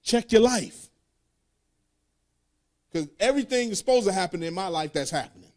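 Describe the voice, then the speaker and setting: A man's voice: high-pitched, expressive, moderate pace. A man preaching a sermon, reading scripture aloud and breaking into sung, call-and-response lines in casual speech.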